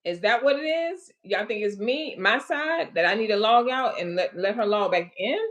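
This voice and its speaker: A woman hosting a casual livestream, chatting straight to her viewers with folksy asides and haltingly reading out health facts between comments. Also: mid-range voice, animated, highs cut off. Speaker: livestream host.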